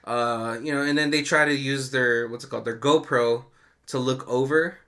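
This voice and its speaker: Podcast co-host, male, bright tone, lively storyteller in casual chat. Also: medium pitch, moderate pace. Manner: animated storytelling with frequent laughs. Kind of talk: casual movie commentary chat.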